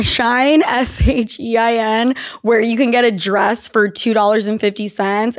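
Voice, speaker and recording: A young woman from Utah hosting a podcast, telling candid, profane stories in casual chat. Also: mid-range voice. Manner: candid, profane, animated storytelling. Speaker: podcast host.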